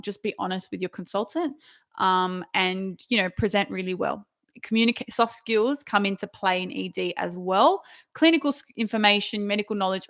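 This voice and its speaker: A young woman doctor talks through her working days in a casual, chatty way. She keeps things lively, slipping quickly into acted-out snippets of conversation. Her voice sits at an ordinary middle pitch. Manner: chatty and animated, acts out dialogue with quick asides. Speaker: doctor giving a talk. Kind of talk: casual storytelling webinar talk.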